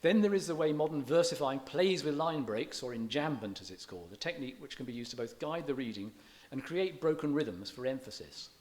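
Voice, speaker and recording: A man's voice: medium pitch, expressive, a little fast, hardly any pauses, a little mellow. A man lecturing on poetry to an audience, chatty and digressive, often stopping to correct himself. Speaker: visiting lecturer in English. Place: church hall.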